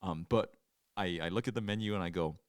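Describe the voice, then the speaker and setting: A young man co-hosting a podcast, telling stories in casual chat and loudly acting out what people said. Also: sits low, a little fast, dry recording, studio quality. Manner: animated storytelling, acts out quotes loudly. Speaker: podcast co-host.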